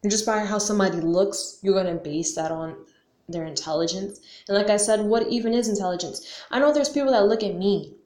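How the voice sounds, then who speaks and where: This young woman vlogs briskly in a mellow, mid-range voice, speaking casually to camera. Her talk is slangy and question-heavy, packed with "like" and the odd curse word, recorded with roomy echo.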